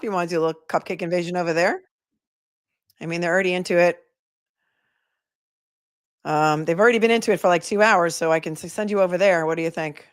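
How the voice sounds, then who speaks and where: A woman attorney hosts a casual livestream, talking straight to her viewers with wry, playful asides. Her voice sits on the low side, and the sound is dry and close to the mic. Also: no room sound.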